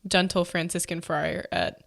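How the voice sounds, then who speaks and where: A woman's voice: lowish voice, flat delivery, a little slow, gravelly, fairly bright tone. Chatty young woman podcast host. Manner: chatty, many fillers and likes. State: pregnant. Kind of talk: casual faith-based chat.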